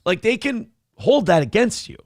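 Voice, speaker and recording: A man's voice: sits high, big pitch swings, moderate pace, no echo, clean studio sound. A man hosting a casual morning talk show, sarcastic and opinionated, swearing freely.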